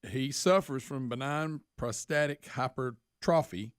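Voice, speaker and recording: Chatty radio co-host. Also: male voice, medium pitch, measured pace, clear, resonant tone, dry recording, clean studio sound. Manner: chatty, storytelling with asides. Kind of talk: casual radio banter, reading news stories.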